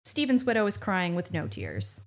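A woman's voice: on the low side, wildly swooping pitch, normal speed. A woman co-hosting a podcast, recapping a TV episode in casual chat with sarcastic, swearing asides. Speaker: podcast co-host.

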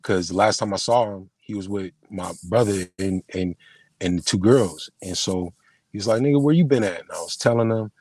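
A man, a podcast guest, telling an emotional personal story in casual conversation, halting and full of slang and restarts. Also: sits low, fairly even intonation, darkish tone, dry recording. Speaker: podcast guest, film producer and screenwriter.

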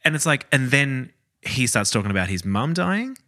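Playful man with a lively voice. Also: medium pitch, normal speed. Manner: playful, laughs often, jokes around. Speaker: podcast co-host. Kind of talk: casual film review chat.

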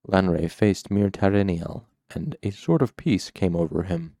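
A man reading a fantasy novel aloud as an audiobook narrator, measured and steady. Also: deep voice, dry recording.

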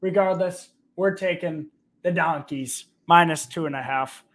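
A man's voice: fairly high pitch, a little slow, fairly bright tone, a little hiss or hum. A man co-hosting a podcast, chatting casually and playfully about football bets and teasing his friend. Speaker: podcast co-host. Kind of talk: casual sports betting chat.

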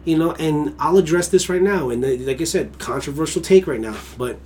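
A man's voice: fairly high pitch, animated, fairly quick, dark tone, slight background noise. A man of Mexican heritage co-hosting a casual podcast. He rants in a heated, emphatic and profane way. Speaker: podcast co-host.

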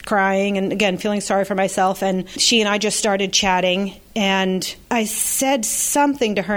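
A woman's voice: mid-range voice, steady tone, moderate pace, few pauses. Earnest woman telling her story. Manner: earnest, reflective, speaks of faith and gratitude. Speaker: interview guest. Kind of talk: personal story in a podcast interview.

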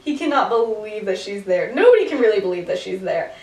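A podcast co-host with a mid-range, darkish, sing-song voice talks fast while retelling a story in casual chat. She rambles with lots of "like" and laughs frequently, recorded on a distant mic in an echoey space.

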